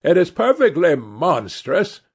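A man reading aloud and voicing a witty, cynical aristocratic gentleman with a dry, drawling delivery. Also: fairly high pitch, very animated, measured pace, husky, voice pushed up, exaggerated voice.

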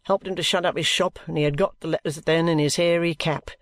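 A reader voicing a sulky, gruff young man who answers in curt, grumbling sentences. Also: mid-range voice, fairly even intonation, quick pace, dry recording, lightly acted.

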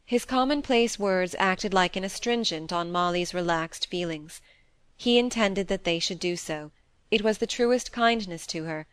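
Brief: steady female audiobook narrator, lowish voice, close and dry. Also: a little slow, clean tone, dry recording. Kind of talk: scripted narration of a classic novel.

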